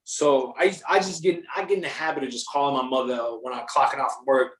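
A young man telling a story in casual chat, animated and slangy, swearing freely. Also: mid-range voice, quick pace, reverberant.

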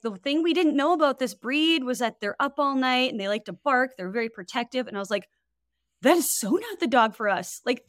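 A woman, a wellness coach, telling a story in casual podcast chat, animated and full of fillers. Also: a little high, no room sound, studio quality. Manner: animated, lots of fillers and quoted voices.

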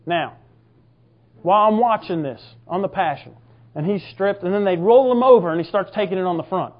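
A man preaching a fervent, emphatic sermon, now and then bursting into shouts. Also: high-pitched, fairly quick, muffled recording. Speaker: pastor.

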